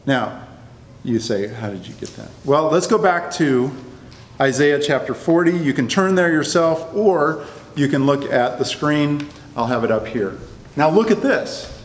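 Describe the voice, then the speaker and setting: A man's voice: on the high side, lively intonation, a little slow. A man teaching a Bible study class to a live group, talking conversationally and often checking that the class is following. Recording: echoey room, long reverb, faint noise.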